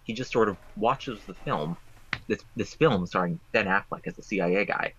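A low-voiced man presents puzzles in a rambling, playfully deadpan way, his tone bright and forceful. He comes through a muffled, lo-fi remote call. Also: moderate pace, slight background noise. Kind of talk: joking puzzle game on a talk show.

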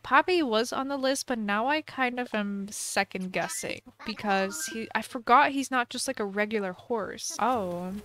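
A woman chatting casually to her viewers while playing a game, excitable and chatty. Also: a little high, moderate pace, hardly any pauses. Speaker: gaming streamer. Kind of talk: casual gameplay commentary.

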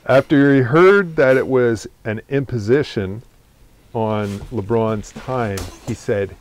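A man's voice: mid-range voice, takes it slowly, a little hiss or hum. A man hosting a podcast in casual chat, joking dryly and leading into the news. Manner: dry, deadpan joking, leads into the news topics. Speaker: podcast host.

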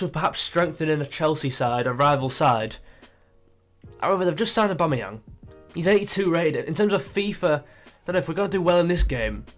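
A young man talks through his football management game in a chatty, excitable way, thinking out loud as he goes. His voice sits a little high for a man, with faint music playing underneath. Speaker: gaming YouTuber. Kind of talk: casual gameplay commentary.

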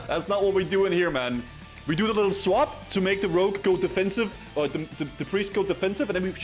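Excitable man calling a game. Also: high-pitched. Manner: animated, stammering restarts, sudden laughing yelps. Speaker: streamer playing arena matches. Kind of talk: excited gaming commentary.

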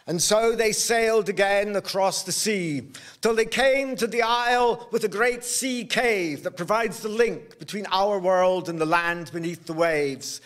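Slow, high-voiced male storyteller. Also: fairly bright tone. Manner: slow, measured, rhythmic telling. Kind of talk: live storytelling of a folk tale. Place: workshop event, indoors.

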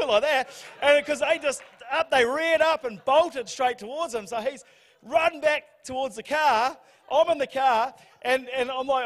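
A New Zealand man preaches to his church, spinning an animated story full of laughter and sudden high shouts. His voice sits notably high for a man. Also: moderate pace. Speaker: pastor. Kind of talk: storytelling sermon.

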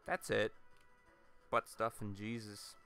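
A man with a fairly low voice rambles through a let's play, trading crude jokes and digs at himself. Game music plays faintly underneath his commentary. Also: flat delivery, takes it slowly, a bit bright, clear, resonant tone. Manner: rambling, crude, self-mocking joking.

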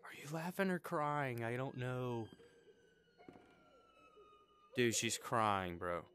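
A man's voice: medium pitch, big pitch swings, slow, fairly bright tone, a little hiss or hum. Jumpy young man gaming. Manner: jumpy, nervous chatter to game characters, bursts of repeated "hey". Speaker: gaming video host. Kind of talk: horror game commentary.

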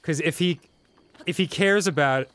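A man's voice: fairly high pitch, normal speed, fairly bright tone. A man co-hosting a gaming show, telling rambling playful anecdotes in casual banter. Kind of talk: casual let's-play banter.

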